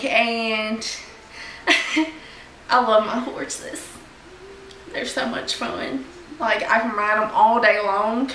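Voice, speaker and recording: A young woman playing a giggly small-town girl who loves horses, talking haltingly in a mock reality-show confessional. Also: on the high side, a bit bright. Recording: echoey room with faint noise.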